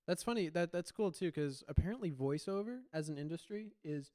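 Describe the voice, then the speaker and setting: Laid-back young man with a lively voice. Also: on the high side. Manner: easygoing, laughs often, quick agreeing replies. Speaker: podcast co-host. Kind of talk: casual chat.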